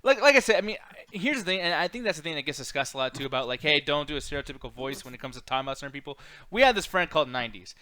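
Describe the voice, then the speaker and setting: Man, high bright voice, casual profane podcast banter. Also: animated, racing. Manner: profane, joking, puts on silly voices. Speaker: podcast co-host.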